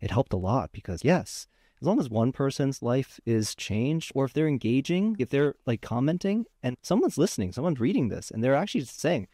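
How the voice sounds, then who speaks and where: A man's voice: medium pitch, sing-song, a little fast, dark tone, dry recording, clean studio sound. A young man as a podcast guest, talking in an earnest, easygoing way, laughing easily and often restarting his words. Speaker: guest, physical therapist and acupuncturist. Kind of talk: casual interview chat.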